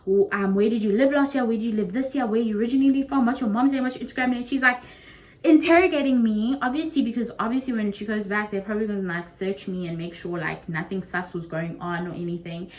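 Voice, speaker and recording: A young woman from South Africa with a South African accent, telling a story casually to camera and acting out what others said. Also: quick pace. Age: young adult. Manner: animated, acts out quotes with big pitch jumps. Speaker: YouTuber.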